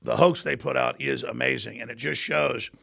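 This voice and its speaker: A man hosting a talk show, delivering a heated political monologue in a ranting, forceful way. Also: medium pitch, steady tone, moderate pace, gravelly. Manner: ranting, forceful, with mocking put-on voices in quotes.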